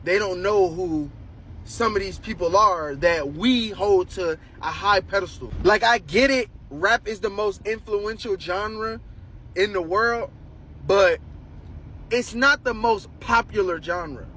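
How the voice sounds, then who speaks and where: A man's voice: high-pitched, slow, bright, forceful tone, a little hiss or hum, low-quality recording. A man in a casual opinion video, making his point in an emphatic, lecturing way.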